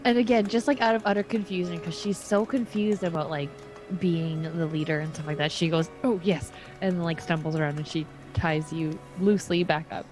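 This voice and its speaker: A woman's voice: fairly low pitch, steady tone, a little fast, over music, poor audio. A woman playing a tabletop game, laughing often as she describes what her character does. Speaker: player. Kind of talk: tabletop game play, casual chat.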